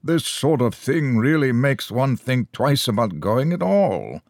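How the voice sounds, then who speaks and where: A man's voice: medium pitch, big pitch swings, a little slow, gravelly, no room sound, studio quality, voice pushed up. A man voicing a short, scowling snob in an audiobook, haughty and overloud. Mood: snooty. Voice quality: haughty, loud.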